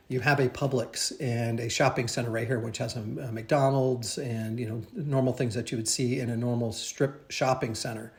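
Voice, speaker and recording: A man's voice: mid-range voice, darkish tone. A man working as a real estate agent, explaining over a map in a casual, conversational way with many fillers and restarts.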